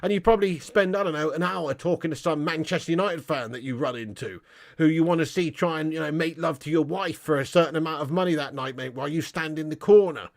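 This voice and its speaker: High-voiced man bantering on a stream. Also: fast talker. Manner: mocking banter, lots of "mate" and "lad". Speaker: football channel livestream host. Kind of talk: casual livestream chat reading super chats.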